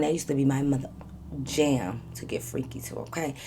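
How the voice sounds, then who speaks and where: A woman in her twenties telling a candid, profane story to her viewers in a casual, animated way. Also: extremely low pitch, normal speed, slightly rough. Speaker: vlogger.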